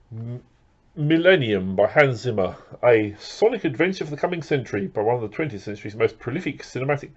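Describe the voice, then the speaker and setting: A man's voice: medium pitch, a little mellow. Rambling man, lo-fi sound. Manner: rambling, with many fillers and restarts. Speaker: record collector vlogger. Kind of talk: casual unboxing chat.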